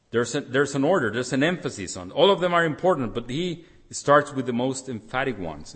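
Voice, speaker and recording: A husky male preacher with a mid-range voice, captured in a church hall with a long reverb tail. He booms out scripture readings with heavy emphasis and falls to a hushed tone when he pleads with listeners. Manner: emphatic, rises loud on scripture readings, drops soft for appeals. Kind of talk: sermon.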